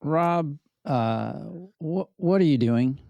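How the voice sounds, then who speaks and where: Slow, hesitant American pastor. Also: male voice, on the high side, dry recording, dull audio. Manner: hesitant, deadpan. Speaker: pastor, co-host. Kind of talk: casual chat.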